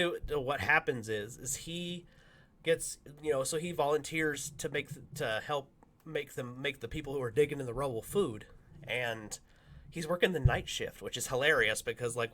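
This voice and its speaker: A man, co-hosting a casual podcast, telling a story and acting out the quotes with loud bursts and laughter. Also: medium pitch. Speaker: podcast co-host.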